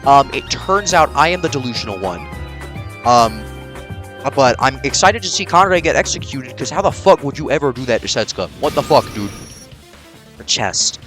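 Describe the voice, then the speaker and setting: A man narrates his playthrough of a game in a bright, tense voice that leaps up and down in pitch. He is excitable and sarcastic, swearing freely as he reacts. Faint music plays under him. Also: brisk. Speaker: let's play host. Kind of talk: casual gameplay commentary.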